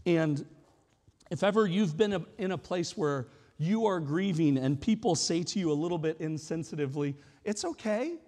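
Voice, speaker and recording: A man's voice: on the high side, normal speed, darkish tone, in a large hall. A man preaching a sermon as a pastor, casual and conversational, acting out the lines he quotes.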